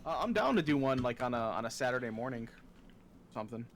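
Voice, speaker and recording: A man's voice: medium pitch, big pitch swings, fast talker, slight background noise. A man with an American accent joking and teasing while playing a co-op game on stream. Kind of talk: casual co-op gaming chat. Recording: game music underneath. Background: game music.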